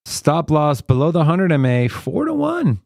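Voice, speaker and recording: A man's voice: on the high side, measured pace, gravelly, no echo, clean studio sound. A man co-hosting a live trading stream, thinking aloud as he talks through chart setups in an easy, casual way. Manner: relaxed, thinks aloud with fillers while reading charts. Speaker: co-host and trader on a live trading show.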